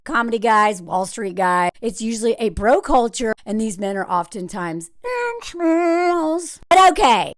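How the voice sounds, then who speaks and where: Young woman vlogger, sarcastic and emphatic, high lively pitch, dry close sound. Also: dry recording. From United States. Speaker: dating commentator. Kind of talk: opinionated commentary vlog.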